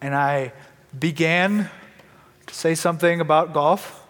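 A man's voice: on the high side, unhurried, fairly bright tone, big-room sound. A young man sharing a candid, conversational personal testimony in church, often restarting his sentences. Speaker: church member giving testimony.

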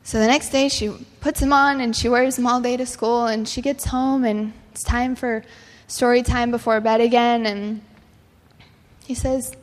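A woman's voice: on the high side, steady tone, normal speed. Earnest young woman preaching in a hall. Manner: earnest storytelling with casual fillers. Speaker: speaker. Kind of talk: sermon-style talk. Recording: long hall reverb.

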